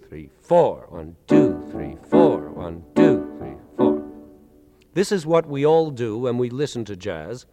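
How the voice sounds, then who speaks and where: A man's voice: mid-range voice, darkish tone, in a large hall. A man giving an articulate, explanatory lecture, counting beats aloud and stressing them to demonstrate. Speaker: lecturer presenting with a band.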